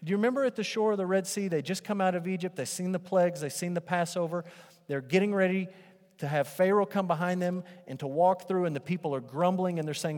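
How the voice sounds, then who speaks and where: A man's voice: high-pitched, lively intonation, normal speed. A male pastor preaching a sermon, animatedly acting out the voices of the doubters and of Moses. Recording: preaching in a reverberant hall.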